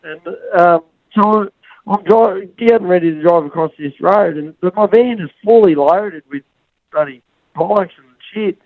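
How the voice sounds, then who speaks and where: A man's voice: high voice, a little slow, dry recording, narrow, tinny audio. An Australian man, a motorcycle racer and podcast guest, telling rambling stories with plenty of restarts and acting out what other people said. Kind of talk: casual storytelling on a podcast.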